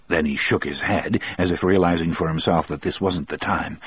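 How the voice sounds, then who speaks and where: Deep, husky male audiobook narrator. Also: brisk, hardly any pauses, no echo. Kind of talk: first-person novel narration.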